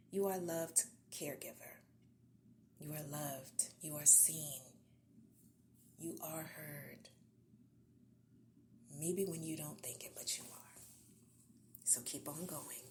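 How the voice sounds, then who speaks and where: A woman podcast host, giving an encouraging devotional talk in a soft, half-whispered, earnest voice. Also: deep voice, a little hiss or hum.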